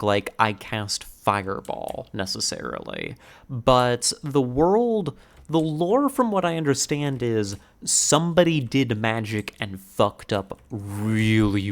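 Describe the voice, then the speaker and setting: A male streamer talking in casual live-stream chat, rambling excitedly and swearing now and then. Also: fairly low pitch, slow pace.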